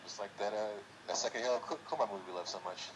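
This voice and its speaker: A man's voice: on the low side, racing, slight background noise, rough recording. A man in a casual movie chat, chiming in with short agreeing remarks.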